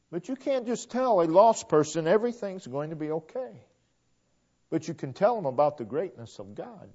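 A man preaching a sermon, quoting scripture at length with emphatic, drawn-out delivery. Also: high-pitched, darkish tone. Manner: emphatic, drawn-out delivery with frequent Bible quotations. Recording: dull lo-fi sound.

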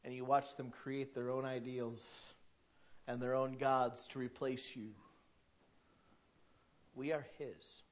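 A man's voice: mid-range voice, flat delivery, slow pace, pauses often, highs cut off. A male pastor preaching in a conversational sermon that surges to emphatic peaks.

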